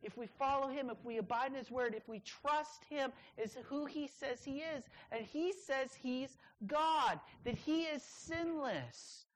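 A young adult woman preaching a sermon to students, leaning hard on key words with drawn-out pauses. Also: high voice, poor audio.

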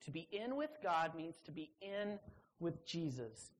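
Animated woman preaching a sermon. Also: measured pace. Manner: emphatic, animated, with sudden jumps into high quoted voices; conversational, teasing asides to the audience.

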